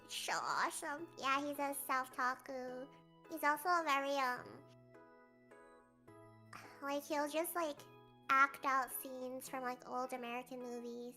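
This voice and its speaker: A young woman hosting a stream, chatting casually and telling animated stories that imitate others. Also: high voice, a little slow. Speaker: streamer host. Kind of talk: casual chat. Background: faint music.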